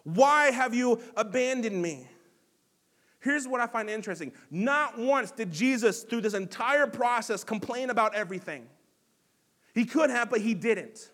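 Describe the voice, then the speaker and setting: High-voiced man preaching a sermon. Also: expressive, normal speed. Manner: earnest preaching, swings between hushed and raised delivery. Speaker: pastor.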